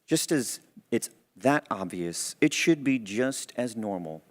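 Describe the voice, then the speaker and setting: A man speaks to a church congregation in a conversational, earnest way. His pitch sits in an ordinary middle range. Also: expressive, takes it slowly. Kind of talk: sermon storytelling.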